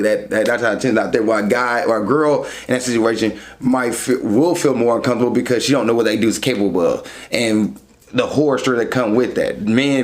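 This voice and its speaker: A young man talks through dating questions in a loose, conversational way. He is frank and direct and moves from one question to the next. His voice sits at an ordinary middle pitch for a man. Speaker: dating advice host. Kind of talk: casual advice talk.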